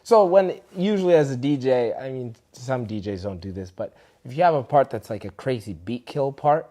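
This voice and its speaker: Speaking at a moderate pace with a mid-range voice, this man teaches street dance and comes from Canada. In a relaxed interview he tells a lively story, and whenever he quotes someone he acts it out in a raised voice.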